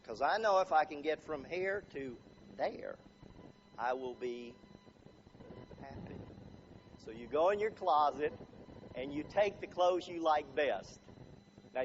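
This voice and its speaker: A man giving a humorous talk as a motivational speaker, chatty and quizzing the room with show-of-hands questions. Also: a little high. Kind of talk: humorous live talk to an audience. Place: room with a live audience. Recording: dull lo-fi recording with faint noise.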